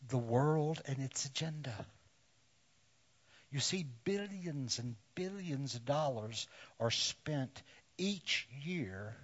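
A man preaching a sermon to men in slow, deliberate phrases that often sink to a hush. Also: medium pitch, highs cut off. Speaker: pastor.

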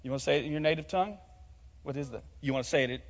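Speaking rapid-fire in a slightly high voice, a man preaches as pastor and urges the congregation to speak up and take part. Recorded in a church hall, the audio is muffled and echoes with long reverb.

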